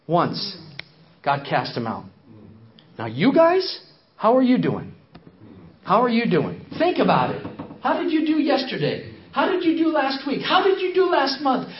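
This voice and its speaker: A man's voice: very high-pitched, big pitch swings, moderate pace, pauses often, muffled recording. A man speaking as a missionary in a sermon, telling a story, acting out the quotes and repeating phrases for emphasis.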